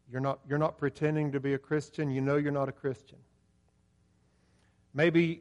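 A man's voice: medium pitch, a little mellow. A pastor delivers a sermon to his congregation. He talks earnestly and plainly, like he is chatting, with the odd stumble and restart. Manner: earnest, conversational preaching with hesitant restarts.

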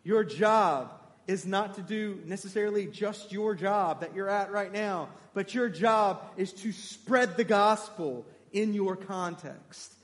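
A man preaching a sermon, animated and emphatic, putting questions to his congregation. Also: sits high, takes it slowly, big-room sound.

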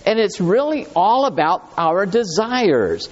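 Guy preaching, high lively voice, kinda muffled lo-fi sound. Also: slow. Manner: animated, conversational preaching with fillers and restarts. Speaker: pastor. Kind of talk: sermon.

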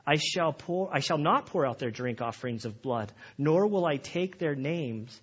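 A man's voice: fairly high pitch, animated, normal speed, slightly rough, lo-fi sound. A man preaching a sermon as pastor, earnest and often restarting his sentences, growing emphatic.

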